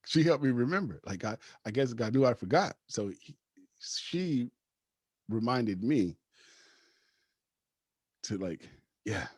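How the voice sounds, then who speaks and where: A man with a husky voice, a podcast guest telling a personal story casually, laughing often and acting out the lines of the people in it. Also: medium pitch, very animated, slow, long pauses, a little mellow, no room sound. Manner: acts out quoted dialogue.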